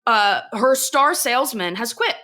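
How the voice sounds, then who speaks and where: Bright-voiced woman animatedly recapping an episode. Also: on the high side, unhurried. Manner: animated retelling, acts out quotes, swears. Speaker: podcast co-host.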